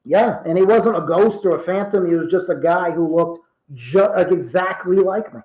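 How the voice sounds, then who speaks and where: A man in his fifties from Rhode Island, telling true stories in casual talk and acting out the quoted dialogue with lively energy. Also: high voice, normal speed, reverberant, lo-fi sound. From Rhode Island, USA. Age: 50s. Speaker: guest. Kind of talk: casual storytelling.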